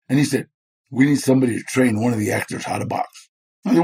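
A man's voice: medium pitch, lively intonation, a little fast, gravelly, a little mellow, husky. A man, a guest in an interview, telling stories animatedly, acting out the people he quotes and laughing often. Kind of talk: storytelling in a chat interview.

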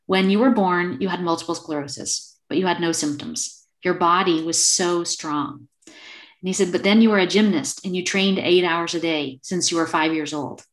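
Fairly low in pitch and moderately paced, a woman in her fifties, an acupuncturist, tells a story as a guest on a video call. The interview is casual, and she dramatizes the quoted exchanges.

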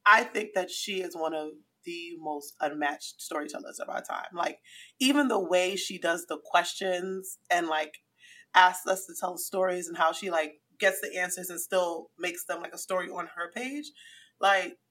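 A woman in casual podcast chat, telling stories in an animated, slangy way with frequent laughs. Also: fairly low pitch, normal speed. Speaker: podcast guest.

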